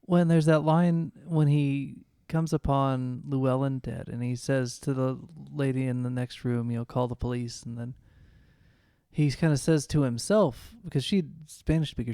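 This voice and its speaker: A man co-hosts a casual film discussion podcast. His voice is mellow and smooth, recorded close on a dry mic. He works through his thoughts patiently, stacking one point on the next. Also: mid-range voice, fairly even intonation, normal speed, dry recording. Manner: thoughtful, builds points step by step. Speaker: podcast co-host.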